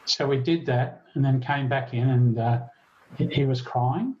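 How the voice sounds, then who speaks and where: An older man, a retired police detective telling a story in a podcast interview, earnest and halting with frequent restarts. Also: mid-range voice, muffled recording. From Australia.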